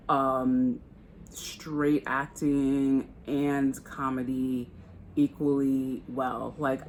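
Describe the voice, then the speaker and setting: American woman doing a grwm, deep-ish voice, chatty and candid, swears a bit. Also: slight background noise. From United States. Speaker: beauty vlogger. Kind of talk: casual get-ready-with-me chat.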